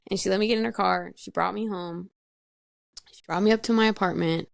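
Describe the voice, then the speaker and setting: A woman's voice: medium pitch, steady tone, brisk, gravelly, no room sound, studio quality. A woman recounting her past as a podcast guest, frank and matter-of-fact, laughing at herself and peppering her talk with "like". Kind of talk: candid personal storytelling.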